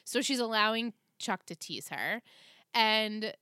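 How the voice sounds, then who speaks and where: A woman in her thirties co-hosting a podcast, recapping a TV episode in casual chat and acting out the characters' lines with animated delivery. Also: a little high, slow pace, clear, resonant tone, no echo, clean studio sound. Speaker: podcast co-host.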